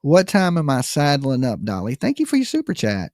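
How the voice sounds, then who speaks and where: A man's voice: mid-range voice, huge pitch swings, brisk, darkish tone, no room sound, clean studio sound. A man hosting a live call-in stream, joking and slangy, talking casually straight to his viewers. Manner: joking, slangy, talks to the chat. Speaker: live call-in show host. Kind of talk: casual livestream chat.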